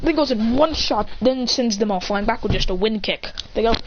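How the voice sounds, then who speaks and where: A woman spins an improvised fan story in a rambling, excitable rush, often restarting and adding mouth sound effects. Her voice sits fairly high. The recording is dull and lo-fi, with a faint hiss. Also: moderate pace.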